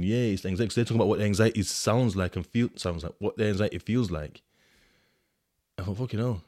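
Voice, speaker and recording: Man, deep low voice, casual rambling talk, street slang, dry close sound. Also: darkish tone, dry recording. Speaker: podcast host telling his prison experiences. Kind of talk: casual monologue, reading out a report.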